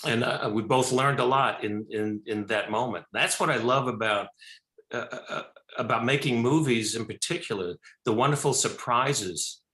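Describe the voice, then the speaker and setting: Older male director guest, animated anecdote teller, bright voice, roomy studio sound. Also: medium pitch, moderate pace. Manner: animated storyteller, many restarts and fillers. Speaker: film director and actor, guest. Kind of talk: talk show interview.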